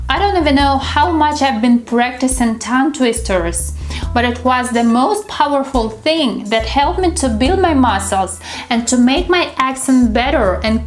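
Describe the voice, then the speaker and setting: A young woman with a Russian accent leads a pronunciation lesson, slowly and carefully drawing out each drill word. Her voice sits high and rings in a roomy, echoing space, with soft music underneath. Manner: slow, careful articulation of drill words. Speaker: English teacher.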